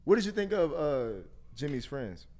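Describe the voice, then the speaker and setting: A man's voice: on the high side, sing-song, moderate pace, dark tone. A man co-hosting a podcast in casual film review chat, laughing often and asking the others questions. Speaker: podcast co-host.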